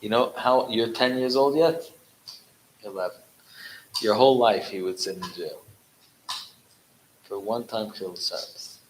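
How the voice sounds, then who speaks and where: A man speaking as a rabbi at a gathering, telling a story and mixing Yiddish into his English, animated when he quotes. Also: on the low side, a little slow, pauses often, a little hiss or hum, poor audio.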